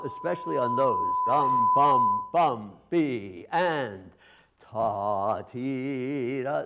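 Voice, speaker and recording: A man teaching a live master class to a chamber ensemble, pausing often on filler sounds and singing the musical phrases with nonsense syllables. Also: fairly low pitch, creaky, darkish tone. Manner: halting, with frequent filler sounds.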